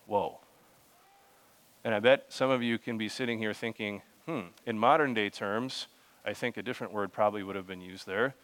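A man's voice: lowish voice, fairly even intonation, a little fast, fairly bright tone. A young man preaching a sermon in a conversational way, reading scripture and talking to the congregation with frequent restarts and asides. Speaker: pastor.

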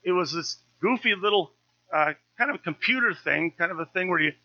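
A man's voice: sits high, lively intonation, a little fast, no echo, highs cut off. A man in his fifties, a pastor preaching a sermon in a conversational, story-telling way with touches of humour.

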